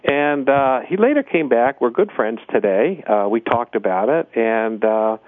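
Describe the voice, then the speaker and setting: A man's voice: mid-range voice, lively intonation, unhurried, dry recording. A man, a flight instructor, telling stories from his teaching in a rambling way, with many restarts. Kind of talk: storytelling in a casual interview. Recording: tinny phone line.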